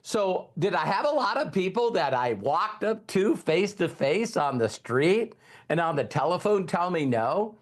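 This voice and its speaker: A man in his fifties giving an energetic motivational training talk as a network marketing trainer, repeating key lines and quizzing his audience. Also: high voice, measured pace.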